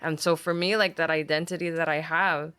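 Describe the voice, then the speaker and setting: Chatty woman with a low, smooth voice. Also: a little fast. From Puerto Rico. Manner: chatty, animated when quoting others, many "like" fillers. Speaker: guest, language arts teacher. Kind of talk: casual conversational interview.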